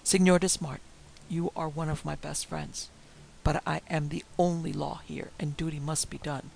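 A man's voice: on the high side, level tone, moderate pace, vocal fry, a little hiss or hum. A man voicing a firm, authoritative nobleman who rules a castle, in a storybook reading. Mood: commanding. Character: commanding nobleman, master of a castle.

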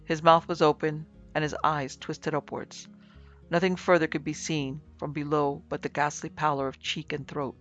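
A man narrating a classic ghost story in a formal, dramatic reading, in a slightly muffled recording with soft music. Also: on the high side, level tone, normal speed. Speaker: narrator and producer. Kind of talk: audiobook narration.

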